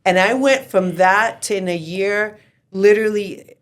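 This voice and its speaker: A woman's voice: medium pitch, measured pace. A woman in her forties, the guest of an interview, telling her story candidly and animatedly, swearing freely. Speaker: real estate team founder, guest.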